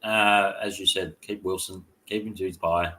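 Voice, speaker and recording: A man co-hosting a live stream who answers in short, laid-back bursts. His voice is fairly low. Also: steady tone, moderate pace, sharp tone. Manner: brief, laid-back replies. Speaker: co-host. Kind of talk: casual live stream chat.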